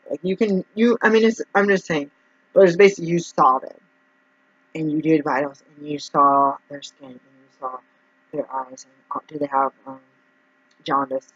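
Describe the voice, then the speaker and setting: A man's voice: fairly high pitch, fairly even intonation, normal speed, a bit bright, husky, dry recording. A man who works as a naturopath talks through his troubles in a rambling, emotional vlog monologue. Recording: dull, dry lo-fi recording.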